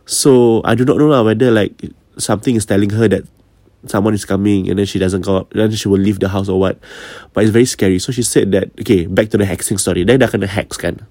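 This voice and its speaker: A man with a Malaysian English accent telling a spooky story casually, chatty and dropping to a hush at the scary moments. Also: fairly low pitch, steady tone, quick pace, no room sound.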